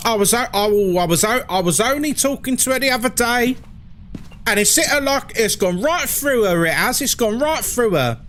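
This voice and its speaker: A man's voice: extremely high pitch, expressive, moderate pace, a bit bright, slight background noise, pitched above the performer's own voice. A man with a London accent voicing a gossipy elderly nan from London who fusses and repeats her sympathetic phrases.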